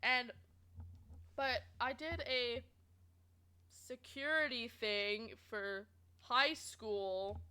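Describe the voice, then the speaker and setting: A young adult woman streaming, chatting casually and rambling through a story, quoting people in animated voices, laughing often and filling pauses. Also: a little high, noisy background. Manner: animated and giggly, lots of fillers, quoting others in lively voices.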